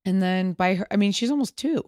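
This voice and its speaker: A woman's voice: mid-range voice, brisk, a little mellow, dry recording, clean studio sound. A woman hosting a podcast with her husband, chatting casually and teasingly from bed. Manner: playful, teasing, swears freely. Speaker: podcast host. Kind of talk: casual chat. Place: bedroom at home.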